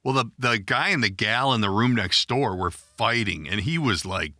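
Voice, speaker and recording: A man's voice: fairly low pitch, lively intonation, normal speed, pushed and bright, no echo, clean studio sound. A middle-aged man hosting a podcast, telling a long, rambling, profane story in a self-deprecating way. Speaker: podcast host. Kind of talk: casual storytelling chat.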